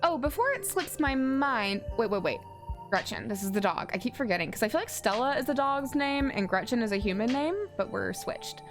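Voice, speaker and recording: A woman's voice: on the high side, expressive, a little fast, over music. A woman in her forties streaming a story game, chatting, giggling and reading choices aloud with many ums.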